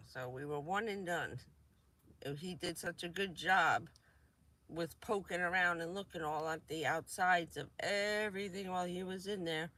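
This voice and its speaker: A woman's voice: fairly low pitch, unhurried, long pauses, fairly bright tone. A woman from New Jersey chatting casually on a vanlife live stream, rambling and laughing often.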